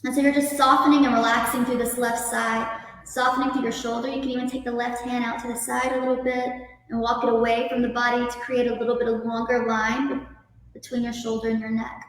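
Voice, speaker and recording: Woman, yoga teacher, calm gentle guiding, slightly high voice, echoey hall, distant mic. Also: fairly quick. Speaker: yoga instructor. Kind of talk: guest interview then guided yoga instruction.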